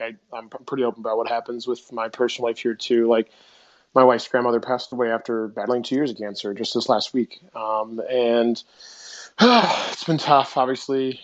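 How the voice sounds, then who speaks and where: A man co-hosting a live online chat, talking in a loose, heartfelt way and swearing casually, over dull lo-fi online audio. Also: medium pitch. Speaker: co-host.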